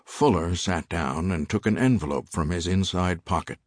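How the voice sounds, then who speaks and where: Deep-voiced man reading a novel. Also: normal speed, no room sound, studio quality. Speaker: audiobook narrator. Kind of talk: scripted narration.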